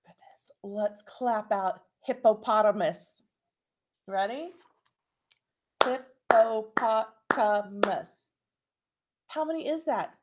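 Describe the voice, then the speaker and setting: A woman teaching a phonics lesson to young children, sounding out syllables and letters slowly and encouragingly. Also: medium pitch, lively intonation, heavy background noise.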